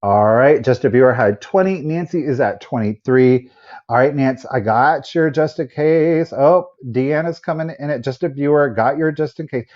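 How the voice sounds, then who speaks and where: A man co-hosting a live online sale, counting down and calling out bids in a steady, matter-of-fact way. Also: mid-range voice, moderate pace, muffled recording. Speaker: live auction co-host.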